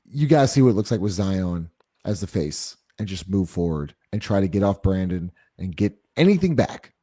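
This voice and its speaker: A man's voice: low voice, sing-song, moderate pace, mellow, dry recording, studio quality. A man co-hosting a live postgame sports show, talking casually and hedging with "like". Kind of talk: live sports talk stream.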